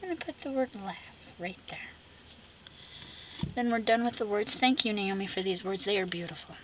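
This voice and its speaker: A woman vlogging as she makes an art collage. She chats casually and sassily, talks to herself as she works, and often drops into soft whispers. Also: medium pitch, normal speed, poor audio. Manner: chatty, drifting into soft whispers; sassy, talks to herself while working. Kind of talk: casual chat while crafting. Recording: steady background noise with clicks.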